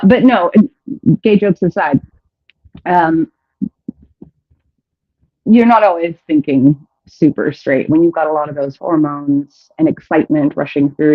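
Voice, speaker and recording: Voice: mid-range voice, husky. A show host telling a candid story in a casual chat, often laughing mid-sentence and restarting phrases. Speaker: host of a sex advice show. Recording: dull, muffled audio.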